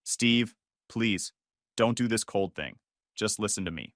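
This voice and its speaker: A man's voice: mid-range voice, big pitch swings, moderate pace, no echo, clean studio sound. A man voicing a tearful pleading young woman. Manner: shaky, soft, near tears.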